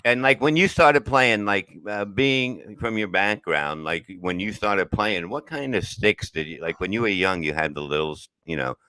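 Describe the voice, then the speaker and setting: A man's voice: on the low side, moderate pace, few pauses, bright, forceful tone, clear, resonant tone, no echo, low-quality recording. A man, a comedian co-hosting a podcast, chatting casually and rambling, often trailing off mid-thought. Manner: rambling, trailing off, hesitant restarts. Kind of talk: casual banter.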